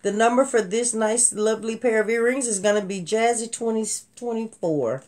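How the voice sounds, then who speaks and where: A woman's voice: fairly high pitch, fairly even intonation, fairly quick, a little mellow. A woman hosts a live jewelry sale. She talks to her viewers in a chatty, folksy way, calling them y'all, and sounds like she is at home with them. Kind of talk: casual live-stream selling with Bible trivia.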